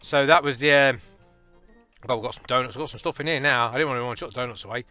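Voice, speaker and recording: A man, casually and excitably commentating a game, joking and laughing at his own jokes. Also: medium pitch, fast, dry recording, faint music behind. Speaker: gaming channel host.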